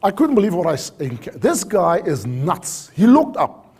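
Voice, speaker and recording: A man's voice: high voice, very animated, moderate pace, a little mellow, husky. A man giving a storytelling keynote talk on safety, acting out dialogue with animation. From South Africa.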